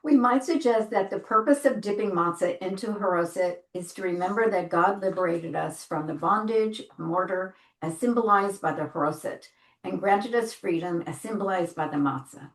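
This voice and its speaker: A woman's voice: mid-range voice, normal speed. Woman reading a text aloud in an echoey room. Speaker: student reading texts aloud.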